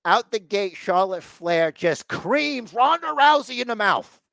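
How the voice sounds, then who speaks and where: Male podcast co-host, casual wrestling recap, slightly higher voice, dry close sound. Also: animated, measured pace, gravelly, a bit bright, no echo. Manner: acts out wrestlers' lines in mock voices.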